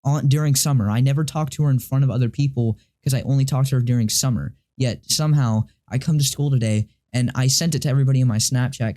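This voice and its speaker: A teenage boy talks straight to camera in a mellow, relaxed-sounding voice of ordinary pitch. He rambles through his story with halting restarts, lots of fillers and casual swearing, sounding confused and frustrated. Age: teens. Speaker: vlogger.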